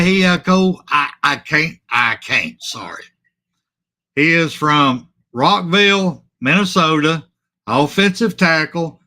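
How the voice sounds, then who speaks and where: A man with a drawl hosts a casual sports talk stream, reacting to viewer comments. His voice sits a little high and sounds bright and forceful. He talks in animated bursts, repeats his points and keeps apologizing mid-sentence. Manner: animated and repetitive, trailing off and apologizing. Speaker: sports talk show host.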